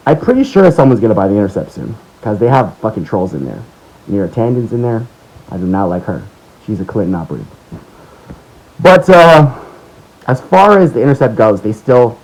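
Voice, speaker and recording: An American man delivering an angry, sarcastic, profane political rant as the host of his own video monologue, swinging between low mutters and loud outbursts. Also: poor audio. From United States. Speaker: political commentator.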